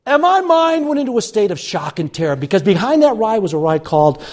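An older man from Chicago, a pastor telling a self-mocking personal story in an animated storytelling sermon. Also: sits high, brisk. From Chicago, USA.

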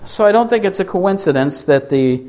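A man preaching a sermon, asking his listeners rhetorical questions and answering them himself with emphatic, deliberate delivery. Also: high-pitched, animated, darkish tone.

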